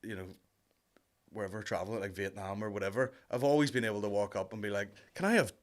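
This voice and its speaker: A man's voice: fairly low pitch, fairly even intonation, fast. A man from Northern Ireland with a Northern Irish accent, a comedian guest telling anecdotes in casual chat, swearing often.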